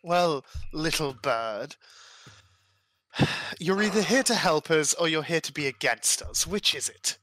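A man's voice: a little high, lively intonation, unhurried, bright, forceful tone, pitched above the performer's own voice, low-quality recording. A man voicing an old female wood elf who leads a merchant caravan, blunt and commanding. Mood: stern.

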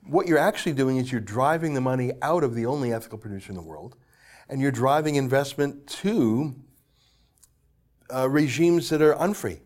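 A man talking politics with blunt scorn, pressing each point hard. His voice sits at an ordinary middle pitch, and he stumbles into restarts as he builds up steam. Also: animated, moderate pace, darkish tone. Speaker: political commentator. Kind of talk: opinionated political talk.

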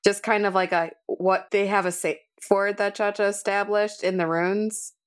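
A woman's voice: mid-range voice, fairly even intonation, normal speed. A woman playing a tabletop role-playing game, chatting casually and joking with the group. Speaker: player.

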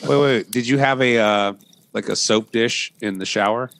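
A man's voice: medium pitch, moderate pace, a bit bright, dry recording. A man in casual chat who laughs a lot and fires off jokey comebacks.

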